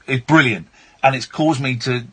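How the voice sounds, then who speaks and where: A man's voice: medium pitch, moderate pace, fairly bright tone, husky. A man hosting late-night radio, chatty and wry, reading a news story with asides. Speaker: radio host. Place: radio studio.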